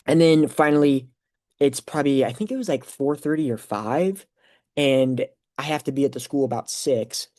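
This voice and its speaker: Speaking at a normal rate in a medium-pitched voice, a young podcast host retells something that happened to him. The telling is casual, meandering, animated, and heavy on fillers.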